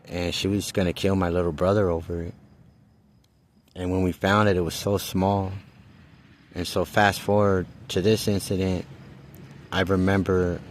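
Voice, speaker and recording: A middle-aged man telling a personal story in a casual, rambling way, halting often and swearing freely. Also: low-pitched, level tone, a little hiss or hum.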